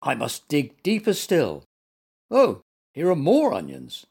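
A man's voice: on the high side, huge pitch swings, takes it slowly, creaky, a little mellow, breathy edge, pitched above the performer's own voice, full character voice. A man voicing a proud, polite little male teddy bear in a storybook. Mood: cheerful.

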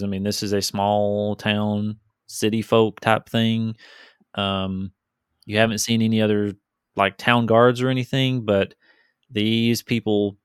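A man's voice: lowish voice, clean tone, dry recording, studio quality. A man running a tabletop game as game master, talking casually with many restarts and fillers. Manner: casual, hesitant, repeats words.

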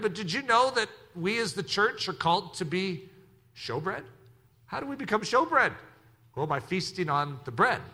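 A man preaching a sermon, asking his listeners questions and answering them himself, dropping to hushed asides and building up to shouted lists. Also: high-pitched.

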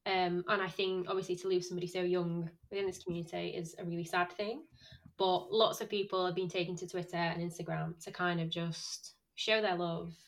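A woman with a Northern English accent co-hosting a podcast in casual chat, giddy and quick to giggle. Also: fairly low pitch, flat delivery, low-quality recording. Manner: giggly, bubbly, quick to laugh. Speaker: podcast co-host.

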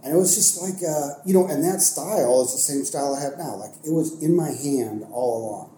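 A young man from Ohio telling a long, looping story full of fillers and self-corrections. His voice is deep-toned and very warm, never sharp. The room around him rings with echo, and a faint hiss sits underneath. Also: fairly quick. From Ohio, United States. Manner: rambling, animated, many fillers and self-corrections. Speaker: guest, art teacher and wrestling coach. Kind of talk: casual storytelling in a podcast interview. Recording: echoey room with faint noise.

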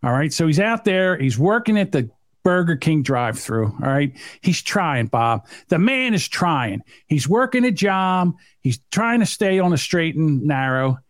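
A male podcast co-host with a high, lively voice, talking emphatically in casual chat. The recording is dry and close. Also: a little slow, dry recording. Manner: animated, emphatic storytelling.

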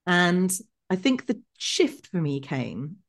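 Lively middle-aged woman storyteller. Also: on the low side, slow pace. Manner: lively, acts out remembered dialogue. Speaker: guest, executive coach. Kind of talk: podcast interview storytelling.

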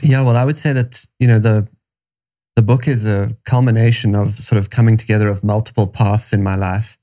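A man with a South African accent answers an interviewer in a reflective, storytelling way. His voice sits low and warm, with a soft, dark tone. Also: steady tone, brisk. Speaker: guest.

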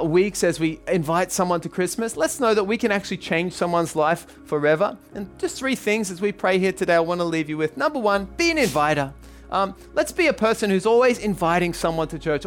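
A man preaching as pastor at a church service, earnestly rallying his congregation. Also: high-pitched. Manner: retells a story with many "she said" tags. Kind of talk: sermon.

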